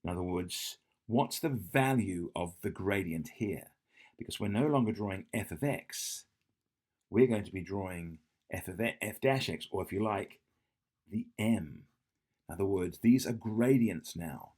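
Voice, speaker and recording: Deep-voiced math tutor man, thinking aloud. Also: animated, a little slow, a little mellow. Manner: thinking aloud, self-correcting, frequent "yeah?" checks. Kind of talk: whiteboard exam walkthrough.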